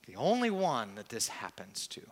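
A male pastor preaching a sermon, reflective and confessional, with hesitant pauses, in a church. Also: mid-range voice, huge pitch swings, long reverb tail, noisy background.

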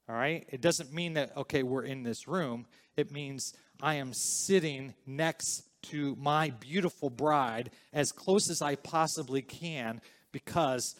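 A man preaching a sermon as a pastor, asking the congregation rhetorical questions and building emphasis as he goes. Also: mid-range voice. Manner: slow, deliberate preaching with rising emphasis; asks listeners rhetorical questions.

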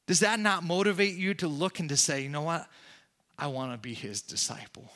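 A man preaching a sermon with passion, rising loud and excited, then dropping to hushed, near-whispered lines. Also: fairly high pitch, brisk. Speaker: pastor.

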